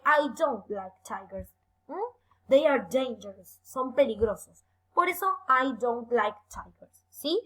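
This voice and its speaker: Young woman teacher, high and bright, bouncy intonation; encouraging, stretches out key words for kids. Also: rough recording. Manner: lively, encouraging, slow careful emphasis on words. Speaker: English teacher. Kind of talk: bilingual online lesson for children.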